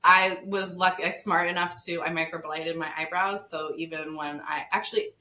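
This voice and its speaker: A woman guest on a podcast, casually telling a personal story in an animated way, often laughing. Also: on the low side, normal speed. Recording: echoey room.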